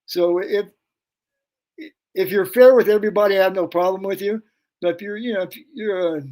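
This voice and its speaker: A man's voice: sits high, steady tone, brisk, darkish tone. An older man telling anecdotes on a podcast as a guest, rambling and acting out the people in his stories. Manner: rambling anecdotes, puts on voices for quoted people. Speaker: podcast guest, pyrotechnic technician. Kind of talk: casual storytelling.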